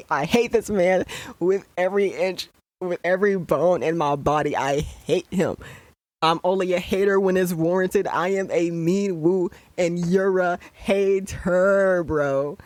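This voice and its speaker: Young podcaster ranting and cussing about a show, middling pitch, dry close sound. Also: a little slow, darkish tone, no echo. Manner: ranting, profane and exasperated. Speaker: podcast host. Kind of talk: casual show commentary.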